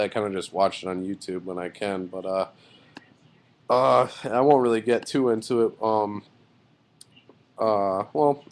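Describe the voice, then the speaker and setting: A man's voice: lowish voice, slight background noise. A man giving a casual video review of a wrestling show, loose and rambling with many fillers and blunt, swearing opinions. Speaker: wrestling vlogger.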